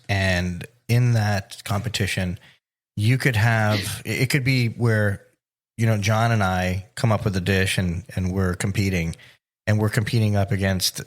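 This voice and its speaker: A man's voice: on the low side, steady tone, normal speed. A man hosting a casual podcast interview, asking curious conversational questions. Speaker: podcast host.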